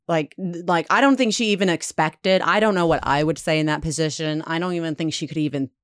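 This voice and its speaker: A woman casually retelling a dark history story, acting out the quotes with lots of "like". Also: deep voice, brisk, clear, resonant tone, dry recording, clean studio sound. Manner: animated retelling, acts out quotes, frequent "like". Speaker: podcast host telling a history story.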